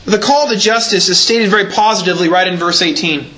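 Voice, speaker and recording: A man's voice: high-pitched, fairly quick, bright, forceful tone, poor audio. A man preaching a sermon in a church, explaining scripture carefully and leaning hard on repeated words for emphasis. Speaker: pastor.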